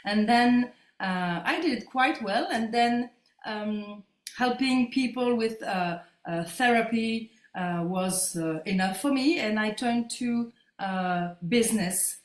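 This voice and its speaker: A woman in her fifties, a native French speaker with a French accent, telling her story as an interview guest in halting English while she searches for words. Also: a little high. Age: 50s. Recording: roomy echo.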